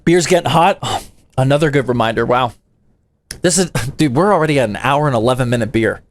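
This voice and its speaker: A man's voice: medium pitch, brisk. A young man from the United States, a PC building streamer, chatting casually with his live chat in a slangy, playful way.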